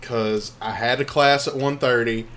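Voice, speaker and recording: Young male co-host, loose and jokey, mid-pitched, faint room hum. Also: fairly even intonation, a bit bright. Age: young adult. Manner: joking, rambling, quick to laugh. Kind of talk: casual chat.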